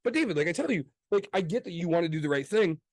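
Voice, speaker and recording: A man co-hosting a casual podcast chat, swearing freely and talking with loud emphasis. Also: sits high, animated, rapid-fire, no echo. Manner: profane, emphatic, gets loud. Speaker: podcast co-host.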